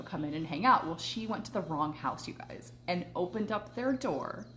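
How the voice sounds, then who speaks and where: A woman livestreaming a casual story, animated, laughing often and swearing freely. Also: fairly low pitch, a little hiss or hum. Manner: eating while talking. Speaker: manifestation coach and vlogger.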